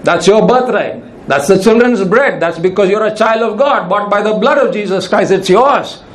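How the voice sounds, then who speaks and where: High-voiced earnest male preacher. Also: moderate pace. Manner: earnest, pleading, repeats key phrases. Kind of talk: sermon.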